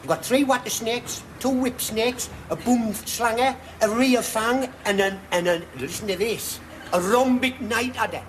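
A man's voice: extremely high pitch, unhurried, fairly bright tone, a little hiss or hum. An actor playing an eccentric, chatty dustman with a broad Geordie accent and rambling manner. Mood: boastful. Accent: Northeast English (Geordie). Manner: rambling, chirpy, broad dialect.

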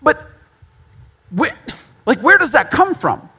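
A man's voice: very high-pitched, sing-song, slow, pushed and bright. A man preaching a sermon in a conversational style, with repetition and self-deprecating humor. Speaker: pastor.

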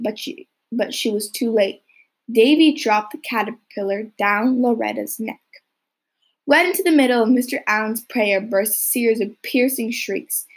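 A woman's voice: on the high side, breathy edge. A young woman reading a novel chapter aloud, with the odd slip and restart. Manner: occasional slips and restarts. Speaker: audiobook reader.

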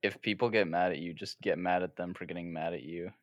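A man co-hosting a podcast, giving deadpan mock advice in casual banter. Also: low voice, a little fast, no echo, clean studio sound. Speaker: podcast co-host. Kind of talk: casual joking chat.

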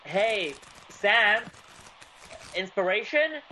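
Guy doing a stammery excited fella in a radio play, sharp bright tone. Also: sits high, drawn-out words, slight background noise, full character voice, rough recording. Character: curious man who finds a finished story. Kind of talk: old-time radio drama acting.

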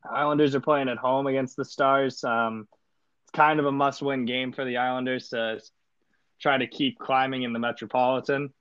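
Casual male podcast co-host, rambling and deadpan, mid-pitched voice, dry and slightly muffled recording. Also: normal speed, clear, resonant tone, no echo. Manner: laid-back, rambling with many fillers, deadpan joking. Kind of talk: casual sports podcast chat.

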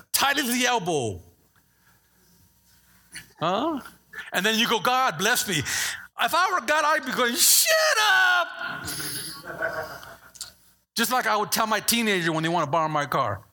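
A middle-aged male pastor preaching a sermon, acting out voices and asking the congregation questions. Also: high-pitched. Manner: animated, acts out voices, asks the congregation questions.

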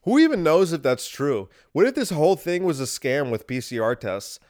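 A man's voice: a little high, big pitch swings, moderate pace, a little mellow. A man hosting a podcast, talking in a sarcastic, ranting monologue full of rhetorical questions. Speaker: podcast host. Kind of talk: opinionated monologue.

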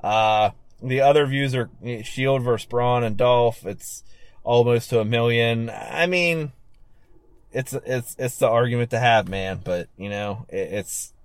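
Male co-host, mid-pitched, laid-back and chuckly, dry close sound. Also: a little slow, smooth, dry recording. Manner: laid-back, chuckling, reads numbers aloud. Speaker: podcast co-host. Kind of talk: casual wrestling podcast chat.

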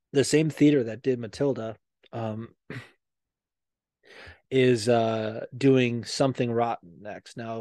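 A man hosts a podcast in a rambling, casual way, packed with swearing and fillers. His voice sits at a middling pitch. The studio sound is dry and close. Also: no room sound. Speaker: podcast host. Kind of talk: casual chat.

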